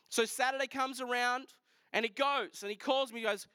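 Animated man preaching a testimony. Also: very high-pitched, a little fast, clear, resonant tone, dry recording, studio quality. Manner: animated storytelling, voices others in quotes. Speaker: pastor. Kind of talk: sermon testimony.

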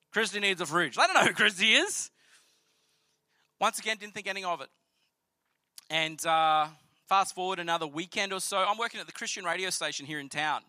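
A man with an Australian accent telling a personal faith story in an earnest, conversational, animated way. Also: high-pitched, dry recording. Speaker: speaker sharing a personal testimony. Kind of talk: storytelling sermon.

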